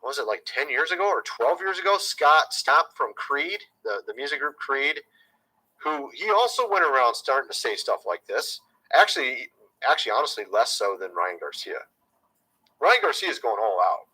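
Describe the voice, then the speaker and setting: A man's voice: medium pitch, lively intonation, moderate pace, bright, forceful tone, slightly rough, low-quality recording. A man talking casually to his viewers as a YouTube commentator, chatty and conspiratorial, often calling them "folks".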